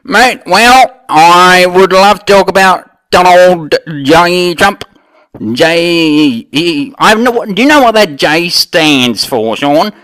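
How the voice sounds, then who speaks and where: A loud, blunt Australian bloke, as a man plays him in a comedy sketch. He speaks in a broad ocker drawl with a bright, crisp, slightly raised voice, and he tacks "mate" onto nearly every line. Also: high voice, lively intonation, slow, full character voice.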